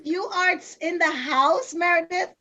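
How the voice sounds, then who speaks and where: A woman hosting a live video chat in a lively, playful, teasing way. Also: extremely high pitch, measured pace. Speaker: host. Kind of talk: casual live-stream chat. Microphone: video call. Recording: dull lo-fi audio.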